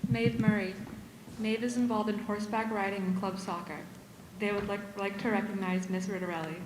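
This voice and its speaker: A woman's voice: medium pitch, steady tone, a little fast, roomy sound, big-room sound, very noisy. A woman reading out the names and activities of inductees at a school ceremony.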